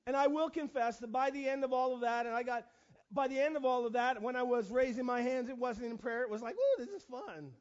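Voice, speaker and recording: Middle-aged male pastor with a high voice, telling stories in his sermon, animated and self-deprecating, on a dull lo-fi recording. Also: fast talker. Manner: animated, self-mocking, lots of restarts and fillers. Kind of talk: storytelling sermon.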